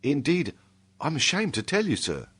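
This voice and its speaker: A man's voice: on the high side, huge pitch swings, normal speed, fairly bright tone, breathy edge, voice pushed up, exaggerated voice. A British man, lifting his voice into a shy young serving maid. She answers in a raised, hesitant voice and always with polite deference. It is an audiobook character. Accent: British English.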